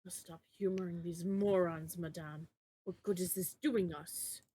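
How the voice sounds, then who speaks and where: A woman's voice: fairly low pitch, steady tone, a little slow, dark tone, husky. A woman putting on a haughty French priest. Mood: indignant. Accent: put-on French. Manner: indignant and protesting. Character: haughty indignant male priest.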